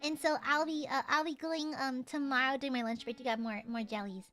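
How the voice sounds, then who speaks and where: A woman streamer in casual chat with her viewers, playful and teasing, jumping from loud squeals to low mutters. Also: fairly even intonation, a little fast.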